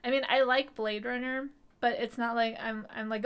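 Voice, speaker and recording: A woman's voice: on the high side, fairly even intonation, moderate pace, fairly bright tone, clean tone. A woman co-hosting a live film discussion stream, chatting casually with lots of fillers and little hedges.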